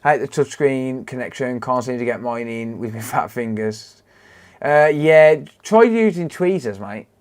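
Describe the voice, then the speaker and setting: A man's voice: medium pitch, expressive, measured pace, a little mellow. A man with a British accent chatting casually on a repair livestream, greeting and thanking viewers by name as he works. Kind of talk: casual live stream chat.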